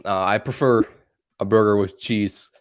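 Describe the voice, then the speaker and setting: A young Dutchman from the Netherlands co-hosts a livestream, his fairly low voice fairly even in intonation at a normal pace. He rambles loosely, laughing and swearing as he chats.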